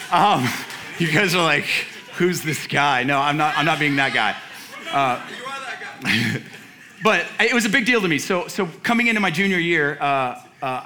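A man's voice: medium pitch, sharp tone, a little hiss or hum. A man in his forties, a pastor telling a personal story in a sermon, casual and chatty, laughing at himself and restarting his sentences.

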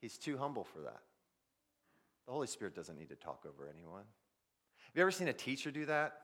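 A man preaching a sermon, swinging between loud emphasis and near-whispers as he speaks directly to his listeners. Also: mid-range voice, sing-song, fairly quick. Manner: addresses listeners directly as "guys". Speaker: pastor.

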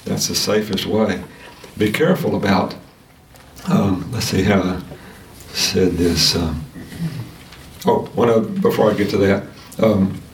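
Male Sunday school teacher, lower voice, halting delivery full of fillers, distant mic in an echoey room with faint noise. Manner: halting, many restarts and fillers. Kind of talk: casual church lesson. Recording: roomy sound from a distant mic.

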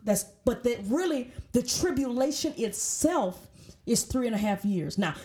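High-voiced woman teaching Bible study. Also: expressive, a little slow, warm tone. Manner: emphatic, repeats words, reads scripture aloud.

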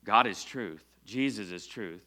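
A man's voice: lowish voice, unhurried, pushed and bright. A middle-aged man preaching a sermon as pastor, speaking conversationally with fillers and self-corrections and calling on the congregation to answer. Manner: preaching with call-and-response to the congregation.

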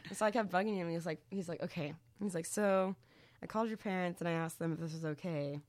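A young woman musician from Houston chatting casually in an interview, rambling with lots of fillers and animated, swearing retellings. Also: lowish voice, fast, dry recording, clean studio sound.

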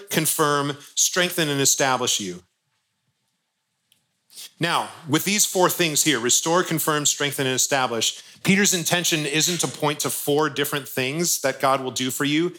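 A man's voice: mid-range voice, fairly bright tone. A male pastor giving an earnest, conversational sermon with touches of light humor.

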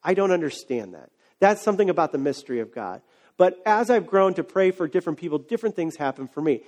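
A man preaching a sermon in a casual, conversational way, retelling scripture with lively asides and rising to fervent emphasis. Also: a little high, quick pace. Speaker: pastor.

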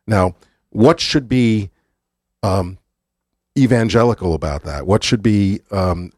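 Brief: politician guest, lowish voice, measured pace with ums, dry studio sound. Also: male voice, husky, dry recording. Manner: measured, fills pauses with um and uh. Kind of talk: radio studio conversation.

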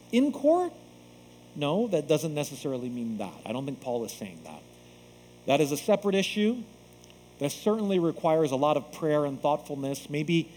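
Animated male pastor preaching in a hall. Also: fairly high pitch, a little hiss or hum. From United States. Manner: animated, acts out quoted voices. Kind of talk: sermon.

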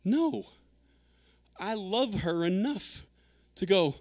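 A man's voice: sits high, moderate pace, fairly bright tone, no room sound, studio quality. A man preaching a sermon in an earnest, conversational way, acting out quotes as he goes. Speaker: pastor.

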